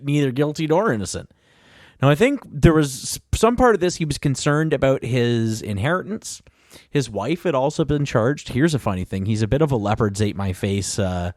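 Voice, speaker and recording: A man's voice: medium pitch, darkish tone, no echo, clean studio sound. A man hosting a casual podcast chat, rambling through history and often chuckling as he corrects himself. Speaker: podcast host.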